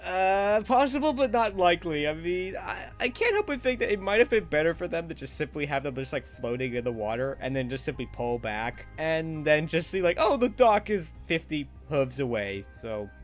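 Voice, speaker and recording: A man giving a casual, chatty spoken review of a cartoon episode, animated and often laughing at himself. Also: fairly high pitch, a little fast, hardly any pauses. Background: faint background music.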